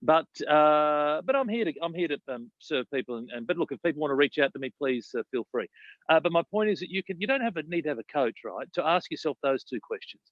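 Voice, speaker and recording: A man's voice: fairly high pitch, expressive, quick pace, no room sound, highs cut off. A man, a business coach talking emphatically in casual podcast chat, often repeating himself and asking "right?".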